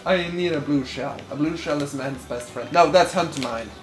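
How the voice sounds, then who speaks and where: A man's voice: a little high, normal speed, roomy sound, music in the background. A man co-hosting a casual gaming session, making short, blunt remarks. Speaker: let's play co-host.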